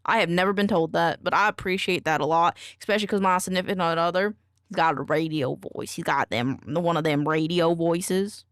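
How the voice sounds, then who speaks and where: A woman's voice: fairly low pitch, fairly quick, no echo, clean studio sound. A woman streamer in casual live-stream chat, goofy and teasing as she talks at her desk microphone.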